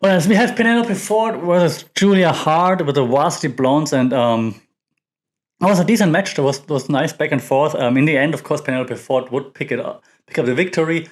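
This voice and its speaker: A man's voice: fairly high pitch, a little fast. A man hosting a podcast, giving a casual, rambling recap full of fillers and restarts. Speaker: podcast host. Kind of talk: casual wrestling recap commentary.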